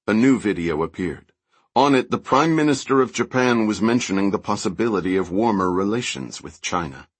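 A man narrating an audiobook with steady, even storytelling. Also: low-pitched, slightly rough, dry recording. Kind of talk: scripted narration.

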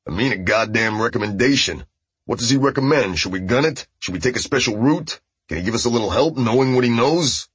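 A man voicing a gruff, foul-mouthed male team leader who barks orders. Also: mid-range voice, animated, a little fast, fairly bright tone, dry recording, voice pushed up. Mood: impatient. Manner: barking, profane.

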